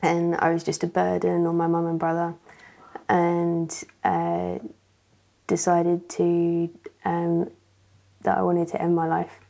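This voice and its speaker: Woman, church testimony guest, hesitant and filler-heavy, low gravelly tone. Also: completely flat delivery, slow pace. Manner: hesitant, soft-spoken, many fillers. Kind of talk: personal testimony interview.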